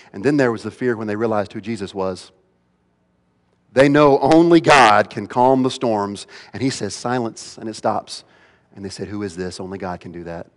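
A male pastor preaching a sermon, swinging from loud pleading to hushed, quiet passages. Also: lowish voice. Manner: dramatic swings between loud pleading and hushed near-whispers. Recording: long reverb of a large hall.

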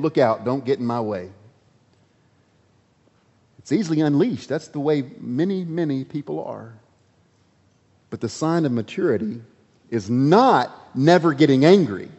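A male pastor preaching a sermon in a dramatic way, his voice rising to emphatic peaks and dropping to near-hushed tones. His voice is of average pitch. The recording is slightly dull, with a long reverb trailing off the walls of a church hall. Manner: dramatic, swinging from loud to hushed.

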